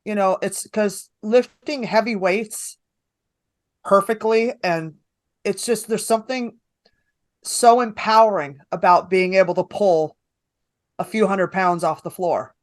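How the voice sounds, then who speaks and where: A woman's voice: medium pitch, a little slow. A woman comedian with a New York accent telling a story in a casual interview, blunt and profane, voicing her own lines with energy. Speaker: stand-up comedian guest.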